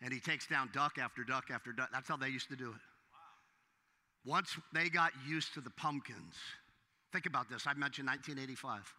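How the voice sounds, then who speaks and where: Male pastor preaching, bright piercing tone, goes hushed then loud, long echo in the hall. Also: mid-range voice, brisk. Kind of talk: sermon.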